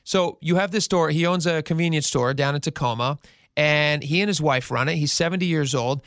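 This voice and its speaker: A man's voice: a little high, a little fast, no room sound. Man telling a story on the radio, dry studio sound. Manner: animated storytelling, retells quotes in character. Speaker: radio host. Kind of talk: casual radio talk.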